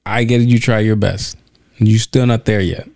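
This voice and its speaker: A man's voice: lowish voice, fairly even intonation, moderate pace, gravelly, darkish tone, dry recording, clean studio sound. A man co-hosting a casual podcast, blunt and teasing, often cutting in. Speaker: podcast co-host. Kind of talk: casual chat.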